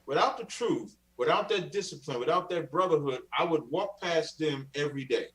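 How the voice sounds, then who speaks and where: A man with a somewhat high voice lays out his case in a preachy, insistent way during a live online debate. He sounds set back from the microphone. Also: expressive, a little fast, a bit bright, distant mic, poor audio. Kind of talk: heated live-stream debate.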